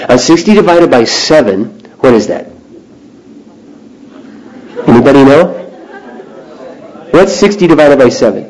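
A male preacher speaking before a live group, his pitch rising and falling freely as he tells stories and quizzes his listeners. He talks in an animated, conversational way, and his voice sits in a middle register. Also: a little slow, long pauses, some chatter behind, poor audio. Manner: animated storyteller who asks the audience questions. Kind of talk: sermon to young adults.

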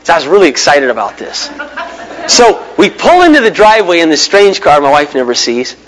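Male pastor with a high voice, an animated storyteller in the pulpit. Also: a little fast, rough recording. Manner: animated storyteller, big pitch swings, mimics voices. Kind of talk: sermon with personal stories.

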